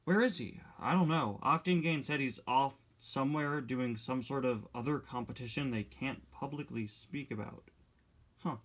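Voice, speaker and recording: A man telling a toy-car play story in casual, quick character banter. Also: medium pitch, slight background noise.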